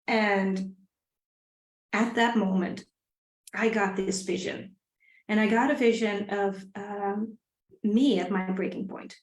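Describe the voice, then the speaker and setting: Middle-aged woman hosting a live stream, earnest personal storyteller, mid-pitched, echoey room. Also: steady tone, slow pace, pauses often. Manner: earnest, reflective, repeats phrases; drops to a soft, quiet voice at times. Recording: roomy echo.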